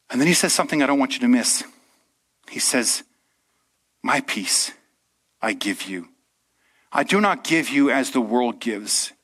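Guy preaching to a church crowd, animated and chatty, keeps asking the room "right?". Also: mid-range voice. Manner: lively, conversational, often asks the audience "right?". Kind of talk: sermon. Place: church room with a live audience.

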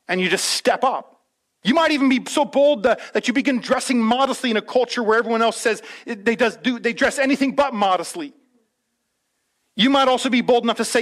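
A male pastor preaching a sermon with animated delivery, slipping into quoted voices of churchgoers and slowing down for emphasis. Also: very high-pitched.

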